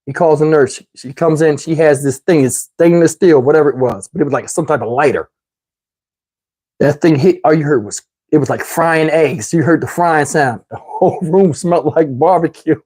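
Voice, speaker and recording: A man telling a wild personal story in a casual, animated, slangy way, swearing freely. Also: fairly high pitch, normal speed, husky.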